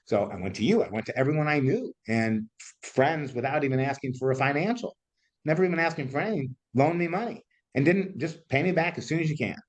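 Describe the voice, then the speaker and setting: A middle-aged entrepreneur talks at a quick clip in an interview. He speaks with a voice of middle pitch. He tells his stories candidly and with animation, with bursts of laughter and rough language. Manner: animated, swears, laughs while telling stories. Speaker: entrepreneur guest.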